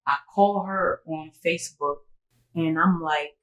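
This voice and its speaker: A woman's voice: low-pitched, measured pace, echoey room, rough recording. A woman telling a personal story on a casual podcast. She talks loosely and animatedly, full of "like" and "I was like," and acts out what others said. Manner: animated storytelling, acting out quoted dialogue, frequent "like"; sobering, emotional retelling. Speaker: podcast co-host.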